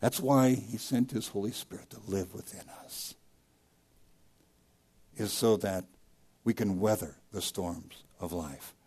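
Mellow-voiced preacher man delivering a sermon. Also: on the low side, slow pace, pauses often, husky. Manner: preaching with swings from loud emphasis to hushed drops; repeats key phrases for emphasis. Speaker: pastor.

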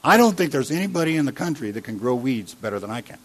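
A man preaching a sermon as a pastor, telling a personal story and swinging between loud emphasis and hushed, quiet lines. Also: mid-range voice, very animated, fast. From Iowa.

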